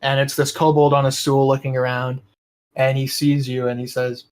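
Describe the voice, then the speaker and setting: A man's voice: mid-range voice, level tone, normal speed, clean tone, poor audio. A man narrating as game master of a tabletop game, describing scenes in a loose, rambling way and laughing often.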